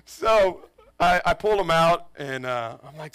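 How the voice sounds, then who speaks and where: Bright-voiced joking pastor man. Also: on the high side, normal speed, clear, resonant tone, dry recording. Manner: animated, joking, acts out family voices. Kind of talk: storytelling sermon. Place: church in front of a congregation.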